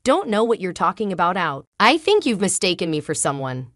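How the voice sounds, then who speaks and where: A woman's voice: lowish voice, big pitch swings, a little fast, fairly bright tone, no echo, studio quality. A woman voicing an evasive grown man who denies everything in a dazed way.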